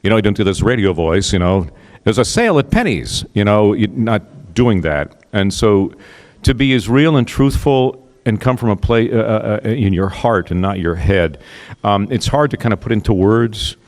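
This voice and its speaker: A man on a convention panel, a voice actor speaking reflectively and slipping into quick character voices. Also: on the low side, darkish tone. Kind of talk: relaxed panel talk.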